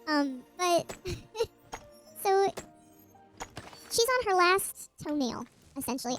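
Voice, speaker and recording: A woman's voice: sits high, measured pace, long pauses, faint music behind, rough recording. A woman streamer casually retelling a myth while gaming, rambling with asides and restarts.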